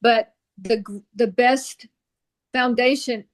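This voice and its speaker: A woman's voice: fairly high pitch, steady tone, slow pace. Woman chiming in on a team video call. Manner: eager, restarts and self-corrects often. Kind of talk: casual chat on a group video call.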